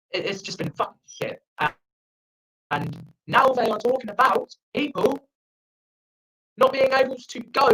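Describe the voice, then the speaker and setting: A man's voice: very high voice, pushed and bright, low-quality recording. A young man from South Africa doing profane, rambling stand-up from a friend's house over a video call. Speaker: stand-up comedian. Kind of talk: online open-mic stand-up.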